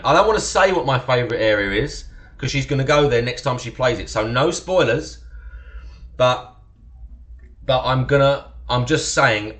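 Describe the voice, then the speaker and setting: A man's voice: mid-range voice, a bit bright. A young man from Essex with an estuary accent, chatting casually and swearing as he hosts a live stream, thanking followers and laughing often. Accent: Essex estuary English. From Essex, England. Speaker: livestream host.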